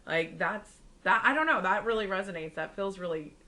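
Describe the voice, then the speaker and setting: A woman's voice: expressive, a little fast, pushed and bright, rough recording. A young woman co-hosting a podcast, chatting casually and acting out the people in her stories. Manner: chatty storyteller, acts out quotes with big pitch jumps. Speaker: podcast co-host. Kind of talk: casual chat.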